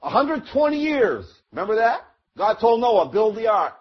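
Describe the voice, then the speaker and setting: A man's voice: high voice, sing-song, moderate pace, breathy edge, lo-fi sound. A man preaching a sermon, teaching verse by verse and acting out the scene in the story. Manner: storytelling, acts out the crowd and Noah, rising to shouts.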